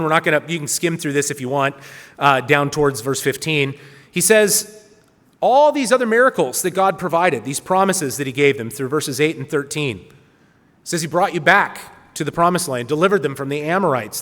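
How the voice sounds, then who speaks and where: A man's voice: a little high, a bit bright, long reverb tail. A man giving a sermon, reading scripture aloud with earnest, rising emphasis. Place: church hall.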